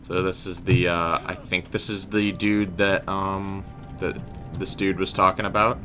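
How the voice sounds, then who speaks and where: Music plays behind a young male game streamer doing casual let's-play commentary. He talks unhurriedly in a low, level voice, chatting with viewers, joking, using slang, and calling his chat "guys."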